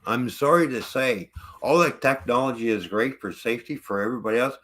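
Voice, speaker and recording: A man's voice: medium pitch, a little fast, fairly bright tone. A truck driver ranting angrily about his truck, swearing constantly in casual livestream talk.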